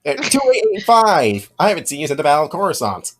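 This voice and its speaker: A man's voice: on the high side, sing-song, fast talker, fairly bright tone, pitched above the performer's own voice. A man doing a chatty droid soldier. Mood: chummy.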